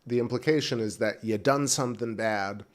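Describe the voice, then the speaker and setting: Eating as he talks, a man runs a laid-back, rambling livestream chat from the back porch of his home. His voice sits at medium pitch and he speaks at a moderate pace.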